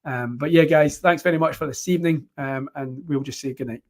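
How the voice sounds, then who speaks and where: A man's voice: a little high, a little fast. A man hosting a casual live-stream chat, rambling with many ums and fillers. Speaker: host.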